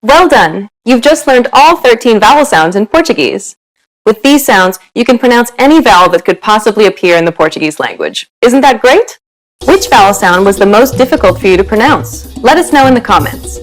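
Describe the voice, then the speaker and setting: A woman's voice: fairly high pitch, very animated, normal speed, soft background music, poor audio. A woman giving scripted narration for a pronunciation lesson, upbeat and encouraging.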